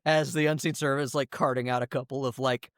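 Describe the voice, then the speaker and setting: A man narrating as game master of a tabletop game, animated and laughing, jumping into quick character voices. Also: medium pitch, smooth, no echo, studio quality.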